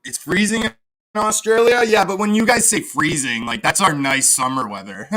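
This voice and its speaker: Streamer guy ranting at chat, sarcastic and sweary, pretty high bright voice. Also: moderate pace. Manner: profane, sarcastic, reads chat aloud. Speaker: livestream host. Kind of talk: casual livestream rant.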